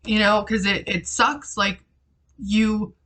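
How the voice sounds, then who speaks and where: A woman vlogging, close to tears, talking haltingly with many restarts and swear words, through a headphone mic at home. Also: medium pitch, fairly even intonation, a bit bright. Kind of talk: emotional personal vlog.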